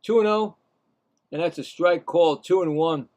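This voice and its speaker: A man giving casual, rambling live baseball play-by-play, chatting to himself between pitches and rising sharply in pitch on the calls. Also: moderate pace, darkish tone. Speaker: play-by-play commentator.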